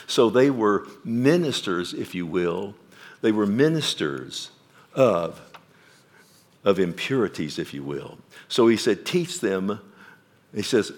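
Speaking at a fairly low pitch, a male pastor preaches to his congregation, questioning them as his delivery moves between loud emphasis and quiet moments.

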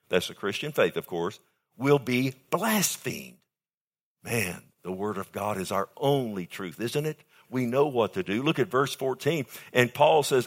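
A male pastor delivers a sermon in an emphatic preaching style. His voice swings from hushed, drawn-out words to loud, pressing lines. He keeps checking in with the congregation with quick questions. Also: medium pitch. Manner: asks the audience questions.

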